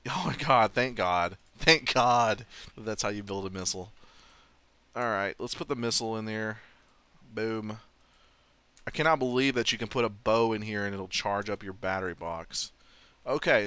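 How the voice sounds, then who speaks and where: Young guy narrating his game run, lowish bright voice, rambly and sweary, laughs at himself. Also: moderate pace, clean tone, dry recording. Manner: chatty, self-mocking, swears and laughs often. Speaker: let's play host. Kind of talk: casual gameplay commentary.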